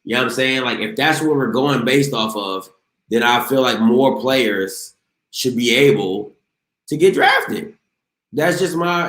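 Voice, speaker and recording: Laid-back man hosting a call-in show. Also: mid-range voice. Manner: laid-back, drawling, with exclamations. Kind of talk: casual call-in talk. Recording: roomy echo.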